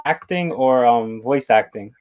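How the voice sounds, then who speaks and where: Man hosting, unhurried and short. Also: medium pitch, darkish tone. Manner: brief backchannel replies. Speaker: interview host. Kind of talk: casual interview chat.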